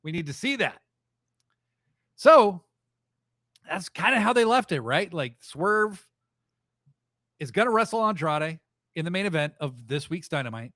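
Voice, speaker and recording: A man hosting a live wrestling podcast, recapping events in a rambling, excitable, profane way. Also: high-pitched, a little slow, pauses often, dry recording, studio quality. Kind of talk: casual live show recap.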